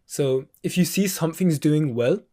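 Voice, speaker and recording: A man's voice: fairly high pitch, normal speed, dark tone. Laid-back slangy man mentoring. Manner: laid-back, slangy, says bro a lot. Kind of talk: casual chat.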